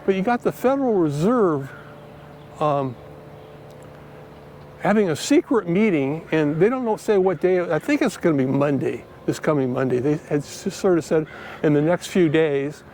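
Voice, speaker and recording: Strolling outdoors through a park with a handheld phone, this finance vlogger chats in a slightly high, somewhat mellow voice with lively intonation and moderate pace. He rambles with many fillers; there's slight background noise.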